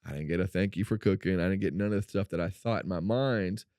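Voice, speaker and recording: A man co-hosting a faith-based podcast, telling a personal story in an animated way and acting out what people said. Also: fast talker, dry recording, clean studio sound. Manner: animated storyteller, acts out quotes in a high voice. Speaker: podcast co-host.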